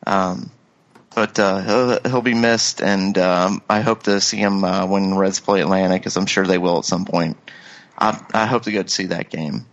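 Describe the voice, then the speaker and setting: Low-pitched guy rambling on a podcast, lots of ums and restarts, kinda muffled lo-fi sound. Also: steady tone. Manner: halting, many restarts and fillers. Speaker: podcast co-host. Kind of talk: casual chat.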